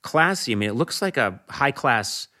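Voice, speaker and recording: A man chatting casually as a guest, telling lively anecdotes. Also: mid-range voice, moderate pace. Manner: animated storyteller, slips into Irish voices for laughs. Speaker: talk show host, guest.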